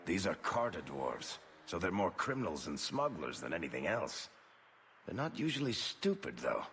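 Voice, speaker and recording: Dry, wry dwarf, lowish voice, lively swings in pitch. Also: male voice, normal speed, vocal fry, faint music behind, exaggerated voice. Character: wry male dwarf storyteller in a fantasy game.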